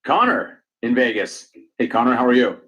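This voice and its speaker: A man's voice: mid-range voice, sing-song, moderate pace, fairly bright tone, muffled recording. A man hosting a radio call-in show, casually introducing and greeting callers. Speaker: radio host. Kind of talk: taking calls.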